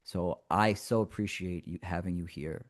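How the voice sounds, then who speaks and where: A man in a casual live chat, speaking to a friend in a warm, affectionate and emphatic way. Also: sits low, steady tone, moderate pace, no echo, clean studio sound.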